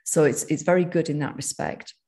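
Gravelly-voiced northern English speaker. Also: medium pitch, fairly even intonation, a little fast, mellow. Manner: rambling, many restarts and fillers. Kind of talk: casual podcast chat.

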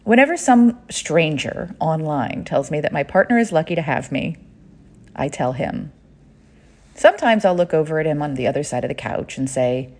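A woman's voice: sits low, lively intonation, a little slow, long pauses, a little mellow. A woman hosting a solo podcast, telling a playful story in a chatty way and laughing now and then. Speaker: podcast host.

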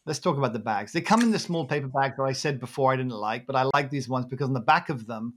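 Chatty podcast host guy, rambles a lot, laughs at himself, middle pitch. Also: fast talker, a bit bright, a little hiss or hum. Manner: rambling, self-deprecating, laughs often. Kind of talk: casual chat.

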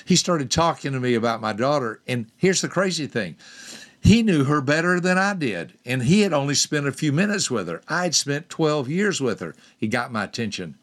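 Older man telling a personal story. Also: moderate pace. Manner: lively storyteller, acts out quoted voices with big pitch jumps; direct, rhetorical questions to the listener. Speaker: podcast host and personality teacher.

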